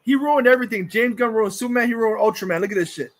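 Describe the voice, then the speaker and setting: A man's voice: very high voice, fast, slight background noise. A man hosting a livestream, ranting angrily and profanely, repeating himself. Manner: furious, profane, repetitive ranting. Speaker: livestream host.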